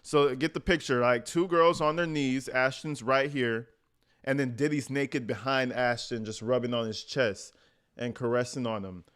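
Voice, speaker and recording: A man's voice: mid-range voice, steady tone, normal speed, fairly bright tone, clear, resonant tone. A man commenting on news clips in a crude, jokey, profane way, often acting out other people's voices. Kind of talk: crude comedic reaction commentary.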